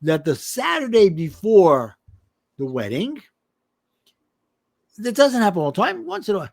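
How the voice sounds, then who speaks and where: In a podcast interview, this middle-aged man, who works as a life and business coach, recounts something from his own life and performs the voices of its characters with animation. He speaks high-pitched, with vocal fry, at a moderate pace.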